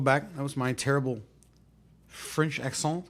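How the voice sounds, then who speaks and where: A man hosting his own music vlog, telling a story in a relaxed, rambling way with lots of fillers. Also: medium pitch, moderate pace. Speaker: host. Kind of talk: casual storytelling to camera.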